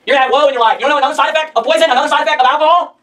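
A man preaches a sermon at a breakneck pace, his voice pitched very high. He hammers his points home with rhetorical questions and reads scripture aloud. He sounds set back from the mic, with a faint noise underneath. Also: very fast, fairly bright tone, recorded from a distance, poor audio.

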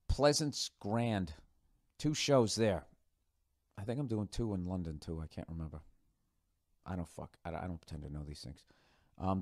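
Middle-aged guy ranting on his podcast, low voice, swears a lot, dry close sound. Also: a little mellow, no echo. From United States. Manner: profane, sarcastic, loose asides. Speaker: podcast host. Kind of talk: casual rambling monologue.

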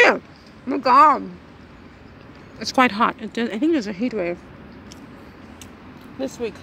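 Brief: woman vlogger, chatty and rambling, mid pitch, a bit of vocal fry, faint noise behind. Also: animated, takes it slowly, pauses often, bright, forceful tone. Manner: chatty, rambling, talks while eating. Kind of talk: casual chat to camera. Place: outdoors in hot weather.

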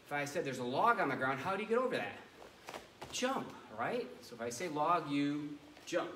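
Energetic man coaching a kids' karate class. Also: a little high, fast, a little hiss or hum. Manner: energetic, commanding, playful coaching. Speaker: martial arts instructor. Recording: echoey room heard from a distance.

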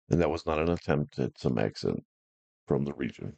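A YouTuber trying out software offers laid-back, joking commentary full of slang in a very low, deep, creaky voice, talking a little fast. The recording is dry and close, with no room echo.

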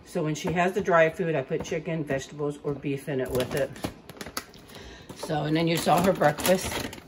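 A woman's voice: low-pitched, normal speed, background noise. A woman filming a casual home vlog, talking to her dog in a sing-song baby voice and chatting about her dog's routine on a handheld phone. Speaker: vlogger and pet owner. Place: home and yard, indoors and outdoors.

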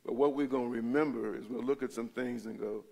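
Gravelly-voiced male pastor, conversational. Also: mid-range voice, fairly even intonation, fairly quick, a little mellow. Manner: conversational, often checks in with the listeners. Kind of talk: Bible study teaching. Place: church.

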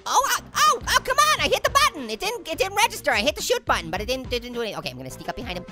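A man's voice: high voice, sing-song, racing, over loud music. A man voicing a wisecracking, goofy talking orange that makes puns and cackles while playing a game. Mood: playful. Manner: cackling, pun-making, jokey. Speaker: let's play host. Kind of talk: let's play commentary.

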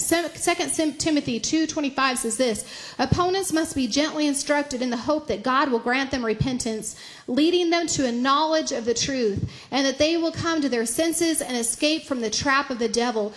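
A middle-aged woman pastor preaching a sermon in an animated way, often laughing, and her voice climbs when she acts out her own prayers. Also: high voice.

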